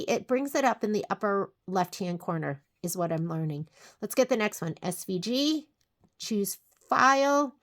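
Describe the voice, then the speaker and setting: A woman giving a casual step-by-step crafting and cutting software tutorial, chatting to herself and to viewers as she works. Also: mid-range voice. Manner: chatty, talks to herself while working, asides to viewers. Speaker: sewing and crafting instructor.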